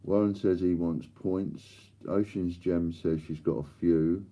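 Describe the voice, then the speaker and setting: A man's voice: low-pitched, fairly even intonation, unhurried, muffled recording. An older man hosting a live stream, chatting and bantering with viewers and reading out their comments. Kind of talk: casual chat to live viewers.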